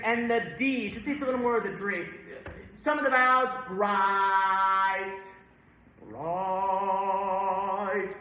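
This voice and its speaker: A very high-pitched man with a bright, forceful tone leads a choir rehearsal in a church sanctuary with heavy echo. He sings to demonstrate and halts often to correct the choir.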